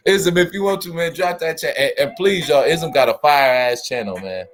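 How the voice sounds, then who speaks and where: A man hosting a casual livestream, talking in an animated, slangy way and speaking straight to his chat. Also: fairly high pitch, normal speed, few pauses, soft background music. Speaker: livestream host.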